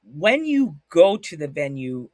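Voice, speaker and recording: New man, podcast host, lively chatty delivery, dry close sound. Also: fairly high pitch, a little slow, no room sound. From New York, Puerto Rican family. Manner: animated, laughs often, puts on voices. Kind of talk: casual chat.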